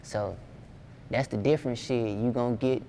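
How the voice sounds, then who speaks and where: A man's voice: mid-range voice, fairly even intonation, moderate pace, dark tone, a little hiss or hum. A young man from Georgia, a music producer talking casually and profanely in an interview. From Georgia, USA. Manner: laid-back, slangy, profane.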